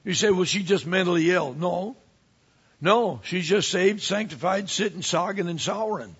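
A man who is a pastor, preaching a sermon with animated swings from quiet asides to emphatic rises. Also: sits high, moderate pace, breathy edge, lo-fi sound.

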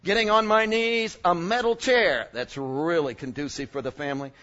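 A man's voice: high voice, normal speed, pushed and bright, dull audio. A male preacher giving a sermon, joking and emphatic, working up from asides to strong points.

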